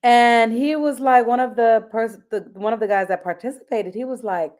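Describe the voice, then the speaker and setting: A woman's voice: fairly high pitch, moderate pace, few pauses, darkish tone. A woman co-hosting a live stream over a video call, talking in a bubbly, chatty way and laughing often. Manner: bubbly and talkative, laughs a lot. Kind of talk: casual live-stream chat.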